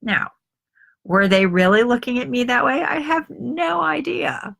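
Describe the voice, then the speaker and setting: A woman's voice: fairly high pitch, animated, moderate pace, vocal fry, a bit bright. A middle-aged woman coaching an online group in a live video talk. She tells personal stories in a confiding way and acts out the voices of the people in them. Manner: confiding storyteller who acts out quoted voices. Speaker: life coach.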